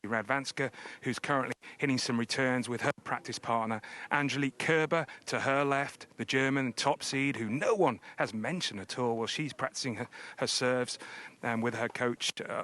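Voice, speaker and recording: A man reporting live from the practice courts, out of breath from rushing around. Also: mid-range voice, a bit bright. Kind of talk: live outdoor sports report.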